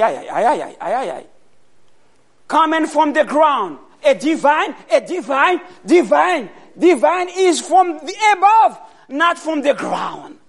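With a very high voice, a preacher quizzes his congregation and supplies the answers himself, punctuating his sermon with loud, emphatic bursts.

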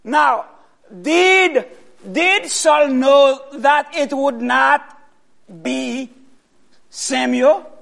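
A man preaching a sermon, asking the congregation questions and answering them himself, with loud bursts of emphasis. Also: extremely high pitch, drawn-out words, gravelly, pauses often.

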